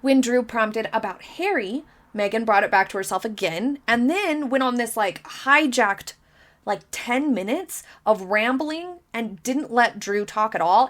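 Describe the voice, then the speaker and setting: A woman in her thirties giving opinionated commentary, emphatic and incredulous, repeating her points for emphasis. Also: on the high side. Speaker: commentary vlogger.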